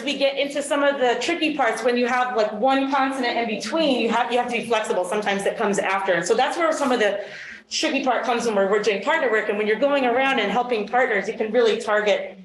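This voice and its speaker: A woman's voice: fairly high pitch, brisk. A woman teacher leading a phonics lesson, encouraging and upbeat as she coaches young students. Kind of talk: classroom phonics instruction. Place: classroom. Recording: echoey classroom with crowd noise. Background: children's voices.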